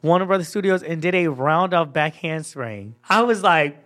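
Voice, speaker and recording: A man with a slightly higher voice chats as a podcast guest. His stories come out sassy and animated, and he laughs easily. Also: moderate pace, faint music behind. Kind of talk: casual storytelling chat.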